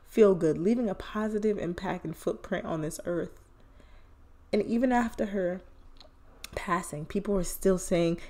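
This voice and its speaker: Earnest woman podcaster, mellow voice. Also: medium pitch. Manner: earnest, encouraging, preachy. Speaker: podcast host. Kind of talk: casual motivational monologue. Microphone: phone headphone mic or podcast mic.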